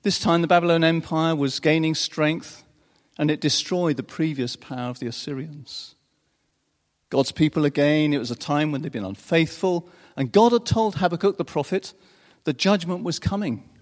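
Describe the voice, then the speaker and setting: A man preaching a sermon in an unhurried, expressive way, chuckling often between phrases. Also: fairly high pitch. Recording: long reverb of a large hall.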